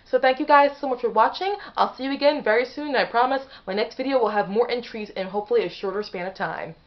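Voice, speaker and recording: A woman vlogger shares her opinions in a casual, rambling way, often breaking off and restarting her sentences. Her voice sits a little on the high side. The recording is slightly dull and lo-fi. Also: quick pace. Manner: rambling, restarts and self-corrections.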